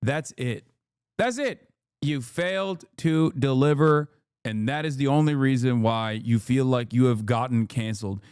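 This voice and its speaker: A man's voice: mid-range voice, steady tone, moderate pace, a little mellow, smooth, dry recording, clean studio sound. A man giving emphatic, profane reaction commentary on a live stream, repeating points for emphasis.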